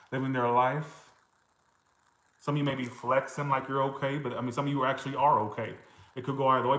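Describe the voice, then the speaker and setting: A chatty man talks through a casual tarot reading, answering viewers and slipping in the odd swear word and laugh. His voice sits at a middle pitch. The room around him adds a noticeable echo. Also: fairly bright tone. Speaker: tarot reader.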